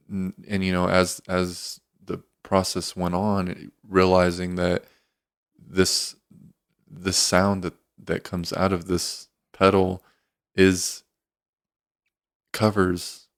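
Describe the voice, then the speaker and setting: A man, co-hosting a casual podcast, speaking slowly and haltingly. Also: low-pitched, completely flat delivery, clear, resonant tone, no room sound, studio quality. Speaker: podcast co-host.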